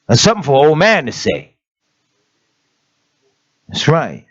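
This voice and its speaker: A man's voice: fairly high pitch, huge pitch swings, unhurried. Emphatic middle-aged preacher man. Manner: emphatic, street-plain preaching with repeated "come on, man". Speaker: elder of an assembly. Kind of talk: conversational sermon. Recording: dull lo-fi sermon recording.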